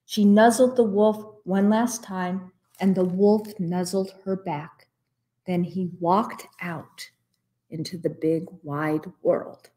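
Woman librarian, story-time read-aloud, slow and expressive. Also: fairly low pitch. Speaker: children's librarian. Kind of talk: children's story time reading.

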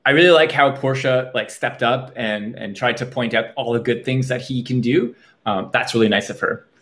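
A man reading a picture book aloud to children, pausing for chatty asides to his young listeners. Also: medium pitch, a bit bright. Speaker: children's storyteller.

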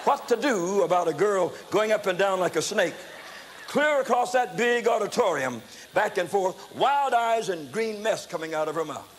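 Older man, evangelist sermon, swooping lively delivery, faint background hiss. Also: sits high, moderate pace. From United States. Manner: animated, dramatic, breaks into loud exclamations. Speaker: evangelist preacher. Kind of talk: testimony sermon storytelling. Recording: echoey hall, faint background noise.

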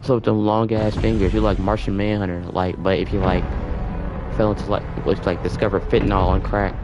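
A man streaming a video game, reacting in excitable, joking, rambling casual commentary. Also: lowish voice, brisk, music in the background. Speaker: gaming streamer.

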